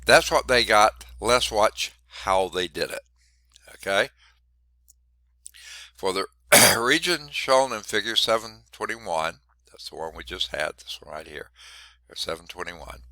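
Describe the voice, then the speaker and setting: Congested guy teaching math, really low gravelly voice, keeps clearing his throat, dry room. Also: bright, forceful tone, no echo. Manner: stops to clear his throat, wry asides. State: congested, short of breath. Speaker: math instructor. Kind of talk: classroom lecture.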